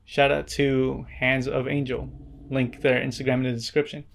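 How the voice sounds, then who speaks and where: A man narrating his own vlog in a scripted, deadpan way, with wry asides and an earnest, introverted manner. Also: medium pitch, moderate pace, creaky, a little hiss or hum. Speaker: vlogger.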